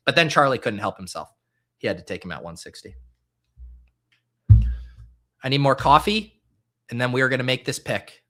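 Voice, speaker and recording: A man in his thirties hosting a live stream, chatting excitably with his viewers while drafting. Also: mid-range voice, normal speed, pauses often. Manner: excitable, animated, talks to chat. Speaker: fantasy football streamer. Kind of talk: live-stream casual chat.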